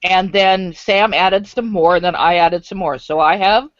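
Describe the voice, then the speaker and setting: A woman talks quickly and chattily in a casual online group chat, audibly exasperated. Her voice sounds dry and close, thinned by lo-fi web call audio. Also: on the low side, steady tone, no room sound.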